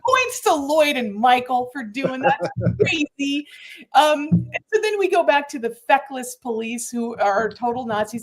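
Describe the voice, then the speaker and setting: A woman co-hosting a movie podcast, recapping a film in an animated, chatty way. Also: a little high. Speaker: podcast co-host. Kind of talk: casual movie discussion.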